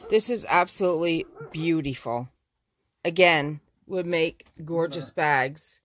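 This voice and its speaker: A woman's voice: low-pitched, slow. A woman who owns a fabric shop, chatting through a casual live showcase of her fabrics. She gushes over the prints and corrects herself mid-sentence.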